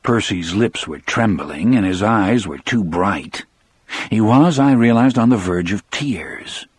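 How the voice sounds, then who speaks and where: A man's voice: lowish voice, expressive, unhurried, husky. A man narrating an audiobook in the first person, with a dramatic storyteller delivery.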